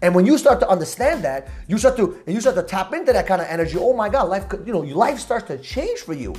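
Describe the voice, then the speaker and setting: A man hosting a motivational podcast, talking loudly and emphatically with high energy and casual slang. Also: big pitch swings, quick pace, soft background music. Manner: repetitive, hype-driven street slang. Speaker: podcast host.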